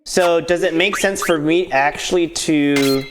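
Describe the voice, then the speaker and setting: A man's voice: on the high side, measured pace, noisy background. A man giving joking let's-play commentary between lines. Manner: joking, laughing asides. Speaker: streamer.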